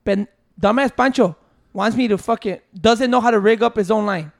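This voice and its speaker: Guy on a podcast, really high voice with a gravelly rasp, swearing and ranting about fishing trips. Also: moderate pace. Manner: animated storytelling, heavy swearing, code-switching. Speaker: podcast co-host. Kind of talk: casual banter.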